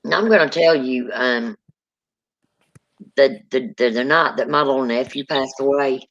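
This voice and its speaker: A woman's voice: very deep voice, moderate pace. Woman, folksy rambling storyteller, casual chat, muffled lo-fi audio. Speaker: guest telling ghost stories.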